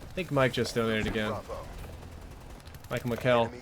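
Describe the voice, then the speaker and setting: Southern male gaming streamer, mid-range voice, frank and profane, live commentary over loud game gunfire. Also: mid-range voice, fairly even intonation, moderate pace, noisy background. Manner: blunt, earnest, swears freely. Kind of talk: live gameplay commentary with chat. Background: video game gunfire.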